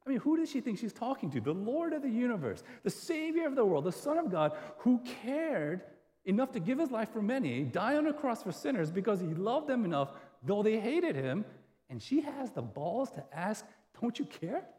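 A man's voice: high-pitched, big pitch swings, moderate pace, warm tone. A man preaching a sermon in a conversational way, asking his listeners rhetorical questions. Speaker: pastor. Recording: hall reverb.

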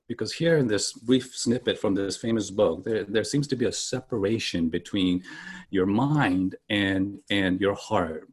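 A pastor delivers a sermon in a conversational way and asks his listeners questions. His voice is fairly low and a little husky. He often restarts his phrases.

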